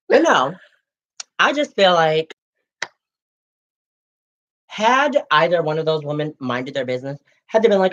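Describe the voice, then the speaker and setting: A woman in her late twenties trades celebrity gossip in a low, throaty register. She is sassy and animated, peppering every line with "girl" and "honey." The recording sounds dull and lo-fi. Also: normal speed, pauses often. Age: late 20s. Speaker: co-host. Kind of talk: casual gossip chat.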